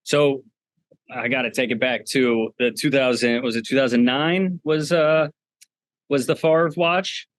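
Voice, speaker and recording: A man's voice: mid-range voice, unhurried, no room sound, clean studio sound. A man co-hosting a fan podcast, talking chattily with many fillers. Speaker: podcast co-host. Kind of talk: casual podcast chat.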